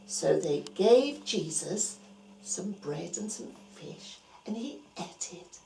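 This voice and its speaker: A woman telling a Bible story to young children, dropping to hushed whispers and rising to bright exclamations. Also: on the low side, very animated, takes it slowly, vocal fry, roomy sound, a little hiss or hum.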